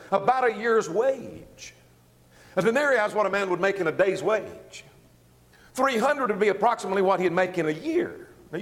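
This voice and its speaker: A man preaching an expository sermon, walking through verses with emphatic, animated delivery. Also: high voice, big-room sound. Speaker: pastor.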